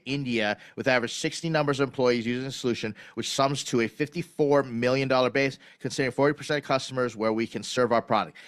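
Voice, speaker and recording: A man giving a blunt, direct critique of startup pitch decks over a video call recording, with lively emphasis. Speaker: pitch deck reviewer.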